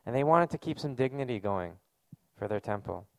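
Man preaching with a gravelly edge. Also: mid-range voice, expressive, fairly quick, a little mellow, dry recording. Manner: conversational, earnest preaching with casual fillers. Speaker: pastor. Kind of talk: sermon.

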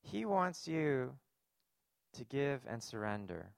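A man's voice: mid-range voice, very animated, slow, vocal fry, no echo, clean studio sound. A man preaching a sermon, earnest and emphatic, posing rhetorical questions to his congregation. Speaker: pastor.

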